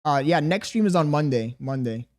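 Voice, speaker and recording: A young man chatting casually on his livestream, reading chat aloud and talking slowly on purpose, with plenty of swearing. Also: fairly high pitch, lively intonation, darkish tone. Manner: laid-back, deliberately slow storytelling, swearing, reading chat aloud. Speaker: streamer.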